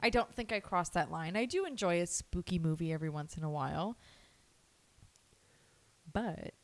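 A woman's voice: lowish voice, animated, normal speed, no echo. A young woman, co-hosting a casual chat, laughing often as she tells stories. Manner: giggly, chatty storyteller. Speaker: podcast co-host.

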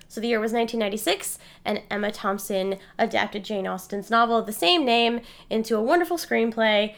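A woman in her forties co-hosting a casual podcast, with a bright, edgy tone and a gravelly rasp. She rambles, stops to correct herself and fills pauses with ums and likes. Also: a little high. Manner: rambling, self-correcting, with frequent fillers. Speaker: podcast co-host. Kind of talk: casual chat.

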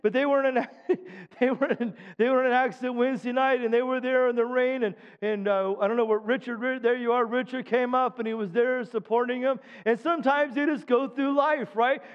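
Pastor, man, middle-aged, high-pitched, emphatic sermon with amen call-outs, long church reverb. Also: fairly even intonation, brisk, smooth. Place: church sanctuary. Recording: dull sound with long hall reverb.

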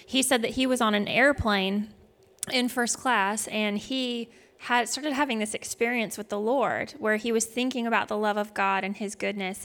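A woman's voice: a little high, fairly bright tone. Woman telling a heartfelt worship story. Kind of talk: devotional teaching talk.

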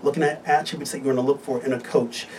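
Enthusiastic male health-show host, mid-pitched, a little distant from the mic with faint hiss. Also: fairly even intonation, quick pace, a little mellow. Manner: upbeat, enthusiastic, promotional. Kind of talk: live studio talk show. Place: radio studio.

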